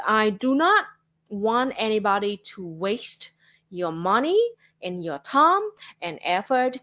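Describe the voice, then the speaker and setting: A woman from Vietnam with a Vietnamese accent, talking casually on a livestream and filling her speech with "like" and "you know". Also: mid-range voice. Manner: chatty, frequent fillers like "like" and "you know". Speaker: streamer.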